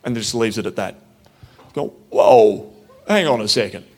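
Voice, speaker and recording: A man's voice: on the low side, very animated, a little fast, a bit bright. A man telling a personal story in an earnest, reflective, conversational way. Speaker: speaker telling his story.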